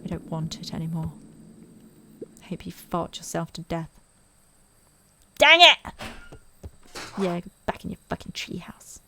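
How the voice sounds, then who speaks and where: A woman's voice: lowish voice, level tone, moderate pace, creaky, noisy background. A woman voicing a sulky, foul-mouthed young boy in a video game, grumbling her way through his lines.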